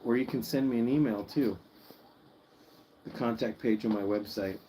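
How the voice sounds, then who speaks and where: A man hosting a pet channel's late-night livestream, sleepy, soft-spoken and cooing to his guinea pigs at home. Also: medium pitch, normal speed, a little hiss or hum, rough recording.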